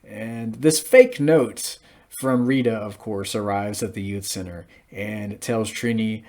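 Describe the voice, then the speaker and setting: A man's voice: lowish voice, fairly even intonation, slow, a little mellow. A man in his thirties giving a casual, rambling recap of a TV episode, with frequent fillers. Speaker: TV episode reviewer.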